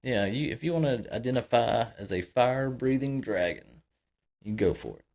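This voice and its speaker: A man's voice: medium pitch, lively intonation, normal speed, darkish tone. A man co-hosting a casual podcast chat, talking loosely with lots of fillers and agreeing easily. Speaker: podcast co-host.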